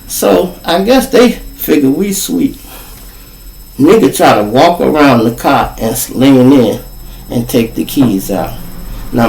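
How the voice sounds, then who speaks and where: A man, hosting a podcast and telling a street story in a profane, animated way. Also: medium pitch, distant mic. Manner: animated, profane, acts out every voice. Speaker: podcast host. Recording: echoey room.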